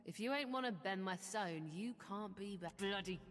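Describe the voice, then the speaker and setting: A woman's voice: medium pitch, moderate pace, big-room sound, natural voice. A woman playing a snarling pirate guard in a game. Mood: threatening. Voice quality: rough pirate brogue, threatening. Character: gruff female pirate guard, hostile.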